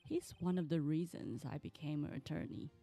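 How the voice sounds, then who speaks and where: Woman doing a low, earnest young male lawyer. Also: brisk, creaky. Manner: earnest, then deadpan. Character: earnest, dry young male defense attorney.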